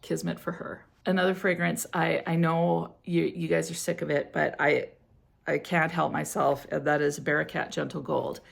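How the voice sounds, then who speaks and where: A woman's voice: low-pitched, little pitch movement, moderate pace, creaky, breathy edge. A middle-aged woman casually reviewing perfumes in a chatty, giggly, gushing way. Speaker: fragrance reviewer.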